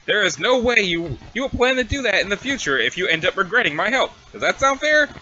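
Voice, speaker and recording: A man's voice: high voice, very animated, fairly quick, bright, forceful tone, muffled recording, heavily acted. A man voicing a smug, playful teenage alien troll girl in a webcomic reading, with a teasing, sing-song manner. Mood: eager. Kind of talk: reading a webcomic aloud with voices.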